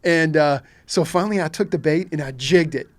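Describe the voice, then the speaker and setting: Animated middle-aged man telling a story. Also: on the high side, fairly quick. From Kentucky. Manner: animated, acts out his own reactions in quotes. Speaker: guest, shark fishing captain. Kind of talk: podcast storytelling.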